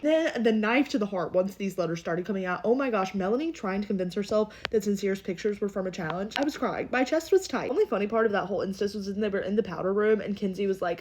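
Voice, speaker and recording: Fast-talking woman recapping a dating show. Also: mid-range voice, lively intonation, darkish tone. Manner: fast, opinionated and dramatic. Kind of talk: casual recap vlog.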